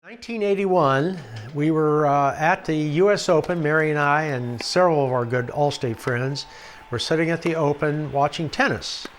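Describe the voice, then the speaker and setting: A man's voice: on the high side, moderate pace. An older man telling rambling stories in a documentary interview, chuckling and acting out the voices of the people he quotes. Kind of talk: storytelling anecdotes.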